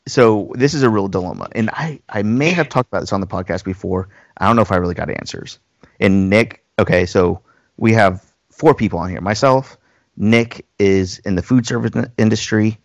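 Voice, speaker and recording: A man's voice: lowish voice, normal speed, creaky, no echo, lo-fi sound. A man in his thirties hosting a podcast, telling rambling stories in casual chat. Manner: rambling storyteller, mimics voices in anecdotes. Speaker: podcast host.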